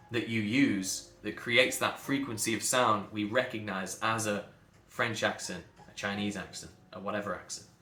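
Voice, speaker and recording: A man's voice: mid-range voice, bright, forceful tone, reverberant. A man working as a voice coach, talking in an emphatic, passionate monologue and repeating words for stress.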